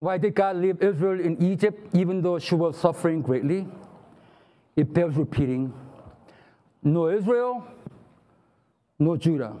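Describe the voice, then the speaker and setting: A man's voice: fairly high pitch, unhurried, long pauses, warm tone. A man preaching a sermon, acting out the voices of God and of people who complain to Him. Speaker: pastor.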